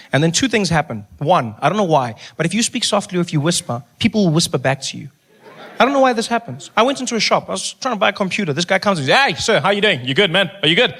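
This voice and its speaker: An animated South African man doing stand-up, his voice sitting a touch high for a man. He tells the story lively and often drops to a hushed tone to act out a bit. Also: fast. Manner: animated, dropping into a hushed voice for bits. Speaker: stand-up comedian.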